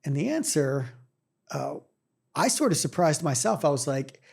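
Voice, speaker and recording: A man's voice: on the high side, big pitch swings, moderate pace, creaky, a little mellow, breathy edge. A middle-aged man co-hosting a podcast, telling anecdotes casually and filling his sentences with "like" and "right?". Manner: storytelling, with many fillers like "like" and "right?". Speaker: podcast co-host. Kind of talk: casual chat.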